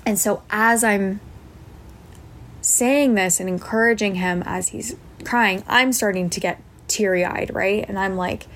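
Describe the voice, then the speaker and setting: A woman's voice: medium pitch, a little slow, fairly bright tone. Earnest woman telling a personal story. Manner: earnest, reflective, frequent "like" and "right?". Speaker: podcast host.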